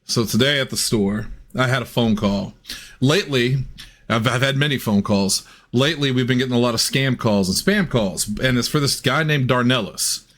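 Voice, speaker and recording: A man co-hosting a casual comedy film podcast, telling stories in an animated way and swearing freely. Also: medium pitch, moderate pace. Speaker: podcast co-host.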